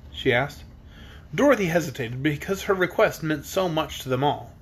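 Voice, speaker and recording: A man's voice: fairly high pitch, lively intonation, a little fast, breathy edge. A man reading a storybook aloud, with occasional small slips and restarts. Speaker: storybook reader.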